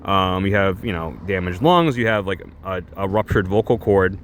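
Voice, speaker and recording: A man's voice: low voice, normal speed, a bit bright, a little hiss or hum. A man ranting sarcastically in a reaction commentary, exasperated and full of restarts. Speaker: commentary YouTuber.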